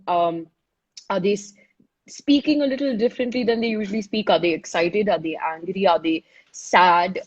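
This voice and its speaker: A woman's voice: mid-range voice, muffled recording. A woman giving chatty, casual advice in a live online session, often saying "you know" and talking it through. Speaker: speaker giving advice on listening.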